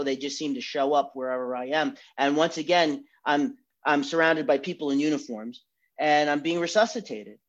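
Candid man telling his recovery story. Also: fairly high pitch. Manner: candid, self-mocking storytelling. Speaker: speaker sharing recovery story. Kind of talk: recovery meeting talk. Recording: dull lo-fi recording.

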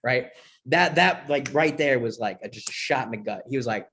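A young man candidly telling his recovery story in a profane, animated way, often checking in with "right?". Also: medium pitch, brisk.

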